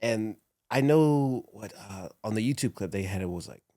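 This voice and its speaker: A man's voice: on the low side, expressive, normal speed, warm tone, no echo, studio quality. A man, a former wrestler, recalling his career in a casual interview, laughing often as he talks. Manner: laughs often, emotional recollection. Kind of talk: casual storytelling.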